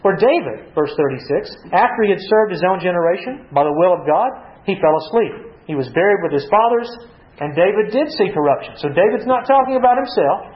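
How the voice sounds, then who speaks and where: A man's voice: sits high, expressive, a little fast. A man preaching a Bible-teaching sermon, reading verses aloud and asking rhetorical questions. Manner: asks rhetorical questions, reads scripture aloud. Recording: echoey, dull lo-fi.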